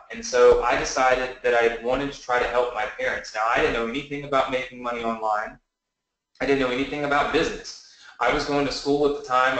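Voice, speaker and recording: A man in his early thirties giving a motivational webinar pitch, telling his story earnestly and often asking the audience to say yes. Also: a bit bright. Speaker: online business presenter. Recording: very echoey room.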